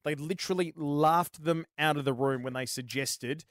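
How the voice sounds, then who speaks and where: A man's voice: fairly high pitch, normal speed, no echo. Australian man, casual gaming co-host, swears a lot, dry close mic. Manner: swears freely, rambling, animated. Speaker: podcast host.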